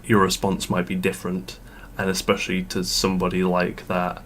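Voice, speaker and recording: A man co-hosting a casual podcast chat, rambling and halting, laughing often as he talks. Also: low-pitched, monotone, a bit bright, a little hiss or hum. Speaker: podcast co-host.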